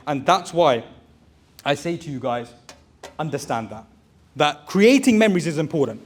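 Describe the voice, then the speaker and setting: A man giving a motivational talk to a live audience, speaking conversationally and calling out to the crowd with slang. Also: fairly high pitch.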